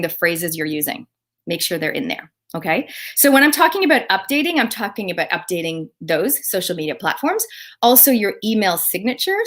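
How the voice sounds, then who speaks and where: An enthusiastic woman business coach speaks live to her online audience. Her delivery is upbeat, with lively rises and dips as she addresses viewers directly. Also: mid-range voice. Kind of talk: Facebook live coaching talk.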